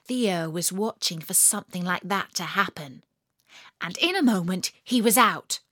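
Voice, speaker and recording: Expressive woman reading a children's story. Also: on the low side, measured pace, dry recording, studio quality.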